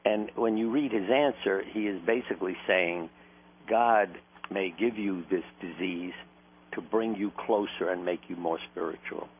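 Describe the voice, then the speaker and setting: Deep-voiced man on a phone line. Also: unhurried. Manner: anecdotal, earnest, laughs while telling stories. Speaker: doctor, interview guest. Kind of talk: conversational storytelling. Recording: tinny phone-line sound with faint noise.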